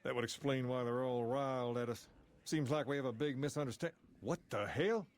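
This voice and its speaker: A man's voice: mid-range voice, brisk, lightly acted. A man playing a folksy, laid-back gang boss. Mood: calm. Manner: folksy drawl, calm authority.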